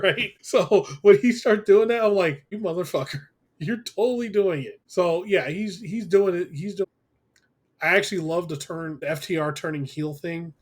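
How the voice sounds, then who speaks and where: A man co-hosting a podcast, chatting casually and bluntly, swearing freely and laughing often. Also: a little high. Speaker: podcast co-host. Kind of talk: casual chat.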